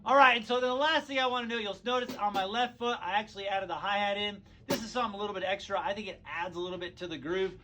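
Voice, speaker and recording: A man giving a casual drum lesson in a relaxed, easygoing way, full of fillers, counting strokes aloud as he plays. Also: high-pitched, fast talker, hardly any pauses, heavy background noise. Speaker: drum teacher. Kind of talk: casual instructional talk. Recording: speech over loud drumming. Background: loud drum kit playing.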